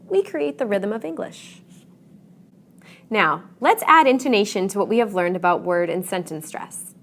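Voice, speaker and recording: A woman, giving a scripted English pronunciation lesson with clear, deliberate emphasis. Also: medium pitch, sing-song. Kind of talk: scripted instructional narration.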